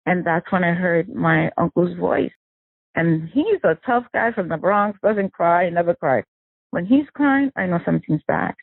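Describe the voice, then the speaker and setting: A woman tells her story in a halting, distressed way, stopping and restarting often. Her voice is gravelly and husky. It comes through a narrow, dry, phone-like line. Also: medium pitch, expressive, no echo. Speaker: victim's sister recounting events. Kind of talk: emotional personal interview.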